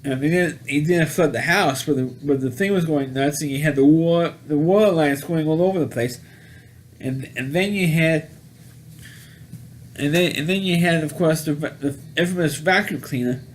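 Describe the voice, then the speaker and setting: A man casually recapping a movie plot, rambling and halting with many restarts and repeated words. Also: on the high side, slight background noise. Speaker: movie reviewer.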